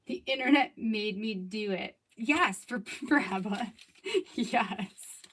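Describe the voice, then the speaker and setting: A woman's voice: mid-range voice, takes it slowly, fairly bright tone, slight background noise. A woman in her thirties chatting casually while crafting on a livestream, rambling and laughing often. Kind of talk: casual live crafting chat.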